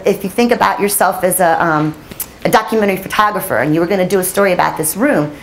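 A woman's voice: mid-range voice, slight background noise. Chatty woman telling newsroom stories. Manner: chatty, self-deprecating, laughs often. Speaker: journalist giving a talk. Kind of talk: storytelling conference talk. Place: audience room.

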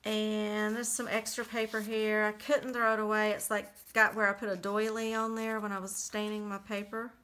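A woman casually talking through a handmade journal she made, chatty and relaxed with lots of little fillers. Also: mid-range voice, moderate pace, few pauses. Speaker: crafter showing a handmade journal. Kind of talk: casual flip-through narration.

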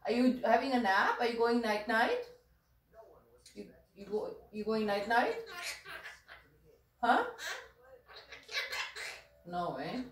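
Slow, sing-song woman coaxing her pet. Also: fairly high pitch, very animated, echoey room, far from the mic. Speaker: pet owner talking to her parrot. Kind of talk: baby talk to a pet.

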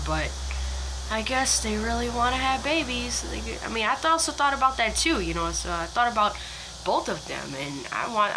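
A woman's voice: fairly low pitch, background noise. A woman keeper of backyard chickens, talking casually about her hens while filming on a phone, with many restarts and fillers. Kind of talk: casual phone vlog narration. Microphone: phone camera.

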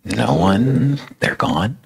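A man voicing a calm, forgiving male teacher who speaks in a relaxed, casual way. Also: mid-range voice, extremely slow, creaky, slightly rough, voice pushed up, full character voice. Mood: gentle. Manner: relaxed, easygoing, conversational.

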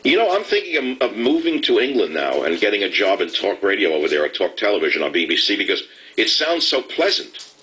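Man, talk radio host, deep bright voice, sarcastic mocking monologue. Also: sing-song, a little fast, poor audio. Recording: radio broadcast.

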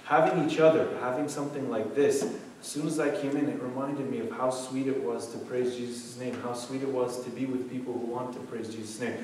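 A man's voice: medium pitch, steady tone, fairly quick, darkish tone, slight background noise. A man in his thirties giving a casual, joking talk to a youth group, full of "like" and "okay". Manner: chatty, jokey storytelling with frequent "like" and "okay". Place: church meeting room. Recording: echoey room from a distant mic.

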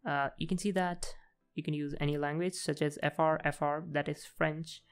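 Steady in tone and moderate in pace, a man's clean voice on the high side guides a casual screen-recorded coding walkthrough. He narrates each step as he types, with frequent fillers.

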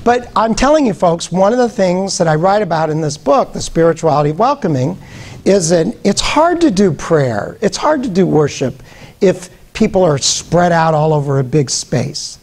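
A man, a guest professor, giving a lively interactive lecture to an audience, joking and calling on people. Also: high-pitched, moderate pace. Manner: lively, joking, engages the crowd directly. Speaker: guest speaker, education professor.

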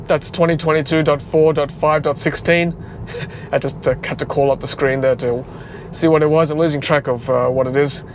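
Gravelly man chatting while driving. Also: fairly high pitch, normal speed. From Australia. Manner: chatty, relaxed, frequent fillers. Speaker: car vlogger. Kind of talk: casual talk while driving. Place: inside a moving car. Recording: road noise inside a car.

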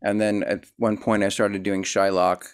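A man's voice: lowish voice, flat delivery, normal speed, smooth. A man hosting a casual interview, rambling and self-deprecating, full of fillers and restarts. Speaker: host.

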